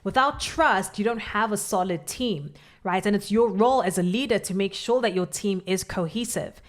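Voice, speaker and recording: Woman cohost on a business podcast, calm and steady, explains step by step. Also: medium pitch, moderate pace. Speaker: podcast co-host. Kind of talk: coaching podcast talk.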